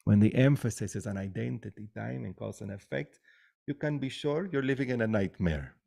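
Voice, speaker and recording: A man giving a spiritual satsang talk over a video call, soft and unhurried, often dropping to a whisper. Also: on the low side, gravelly, no room sound, studio quality. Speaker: spiritual teacher.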